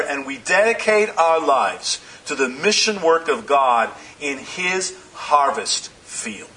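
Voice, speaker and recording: A man preaching a sermon as pastor, in measured phrases that slow down for emphasis. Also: on the high side, sharp tone, poor audio.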